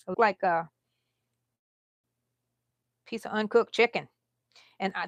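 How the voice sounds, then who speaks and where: A woman's voice: mid-range voice, no echo. A middle-aged woman from the United States chatting casually on a crochet live stream, laughing often and talking to viewers by name. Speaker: crochet vlogger.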